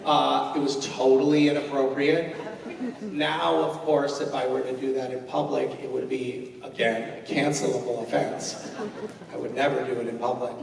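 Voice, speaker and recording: A man's voice: mid-range voice, flat delivery, normal speed, vocal fry, far from the mic, background noise. A man in his forties answering a fan's question on stage, joking and self-mocking and rambling with many fillers. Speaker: convention panel guest. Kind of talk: comedic convention Q&A storytelling. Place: large convention hall. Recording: echoey hall recorded from afar.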